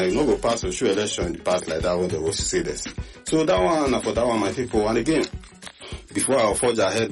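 Nigerian male radio host, lively pidgin-mixed gist chat, low-ish voice. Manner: animated, repetitive, mixes pidgin with English.

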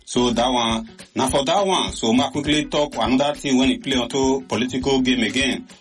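A man with a Nigerian Pidgin accent, hosting a show and giving animated, casual commentary full of exclamations. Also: medium pitch, fairly quick, faint music behind. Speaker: radio or online show host.

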